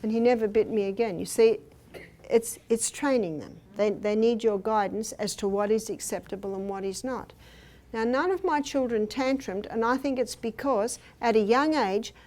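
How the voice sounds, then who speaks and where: An older woman's medium-pitched, darkish voice carries at normal speed through a hotel meeting room, where she's giving a health seminar talk. She shares personal anecdotes and acts out what people said.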